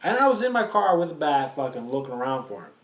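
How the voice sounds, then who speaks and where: A man's voice: a little high, very animated, quick pace, fairly bright tone. Blunt man swearing in an echoey room. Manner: blunt and profane. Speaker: podcast co-host. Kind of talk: casual chat.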